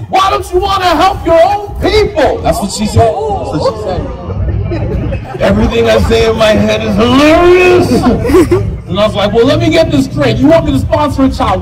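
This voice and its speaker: Stand-up host, man in his thirties, very high and lively voice, live crowd audible. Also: low-quality recording. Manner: loud, playful, laughs through lines. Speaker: comedy show host. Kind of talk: stand-up comedy. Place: live comedy show. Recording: live show with audible audience.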